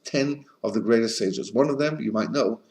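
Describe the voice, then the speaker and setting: A man, a rabbi, giving a Torah class in an animated storytelling manner with frequent restarts. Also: mid-range voice, normal speed.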